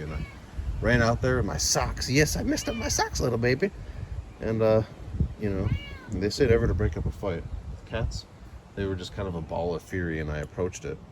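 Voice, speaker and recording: A man vlogging on a walk with his cat outdoors, chatting in a soft, rambling way. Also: low voice. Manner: soft-spoken, rambling, coos baby talk to his cat. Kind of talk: casual chat, talking to his cat and viewers. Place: outdoors in woods near a house. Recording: noticeable outdoor background noise.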